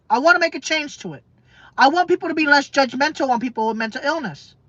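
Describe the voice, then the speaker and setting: Brief: woman vlogger, fairly high voice, heated repetitive rant, dry lo-fi recording. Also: no echo. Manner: emphatic, repetitive, profane, halting with fillers. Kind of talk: emotional rant to camera. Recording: dull lo-fi dry sound.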